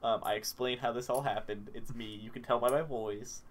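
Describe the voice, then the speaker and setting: A man's voice: mid-range voice, steady tone, a little fast, slight background noise. A young man co-hosting a casual podcast, laid-back with short replies. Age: young adult. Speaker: podcast co-host.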